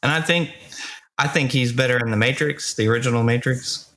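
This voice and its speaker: Gravelly man musing about movies. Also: mid-range voice, brisk. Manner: relaxed, hesitant, many "uh"s and restarts. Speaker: podcast co-host. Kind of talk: casual movie review chat.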